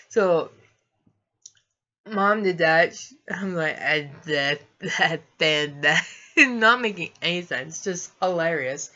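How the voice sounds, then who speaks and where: A woman's voice: lowish voice, pushed and bright, lo-fi sound. A young adult woman vlogging, telling a personal story in a rambling, casual way and laughing through it.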